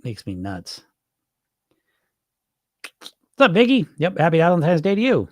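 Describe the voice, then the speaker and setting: A man's voice: on the high side, huge pitch swings, measured pace, dry recording, studio quality. A man coaching on weight loss in a livestream, answering chat in a blunt, profane, fired-up way.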